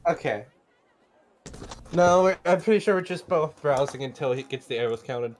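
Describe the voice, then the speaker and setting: A man playing in a tabletop game, chatting in a relaxed, conversational way. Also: fairly high pitch, moderate pace, slight background noise. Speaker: player. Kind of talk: casual tabletop chat.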